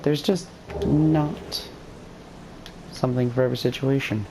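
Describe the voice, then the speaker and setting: A woman with a very deep voice giving rambling, self-deprecating let's-play commentary as she plays. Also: steady tone, measured pace, noisy background. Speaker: game streamer.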